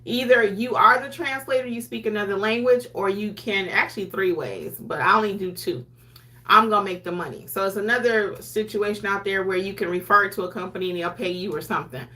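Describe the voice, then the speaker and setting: Bright-voiced chatty woman teaching notaries. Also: mid-range voice, a little fast. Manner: chatty, conversational, acts out clients' lines. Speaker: notary educator and YouTube host. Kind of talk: casual teaching talk to camera.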